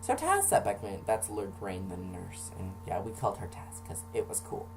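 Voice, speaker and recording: A man casually telling a personal story for a vlog, sarcastic and animated, acting out the voices of the people in it. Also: deep voice, moderate pace, faint music behind.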